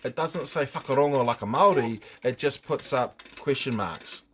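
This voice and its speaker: A man's voice: mid-range voice, moderate pace, fairly bright tone, husky. A middle-aged man with a New Zealand accent hosting a casual live stream, joking, swearing and reading out viewers' names.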